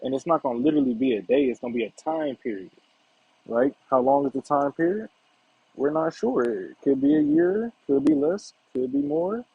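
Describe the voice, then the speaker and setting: A Bible teacher leads a casual, conversational lesson, frequently checking in with "right?" and "all right." His voice is husky and medium-pitched, and he speaks briskly. The recording is dull and lo-fi.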